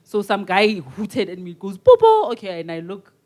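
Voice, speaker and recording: A woman's voice: medium pitch, steady tone, moderate pace. South African woman telling a story. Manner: storytelling, acts out voices in her anecdotes. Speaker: podcast co-host. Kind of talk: casual chat.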